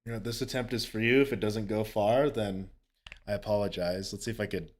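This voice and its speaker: A man chatting casually on a live game stream, excitable, laughing often and swearing casually as he talks to viewers. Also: on the low side, fairly quick. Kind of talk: casual live-stream chat while gaming.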